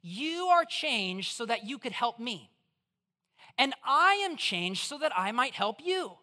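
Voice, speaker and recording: Bright-voiced preacher, lively sermon. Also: mid-range voice, takes it slowly. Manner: conversational, animated, asks the listeners questions; acts out voices in quotes. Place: church.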